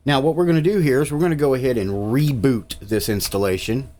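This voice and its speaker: A man's voice: mid-range voice, a little fast, a little mellow. A man, narrating a casual tech tutorial in an easygoing, rambling way with frequent uhs. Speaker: tech channel host.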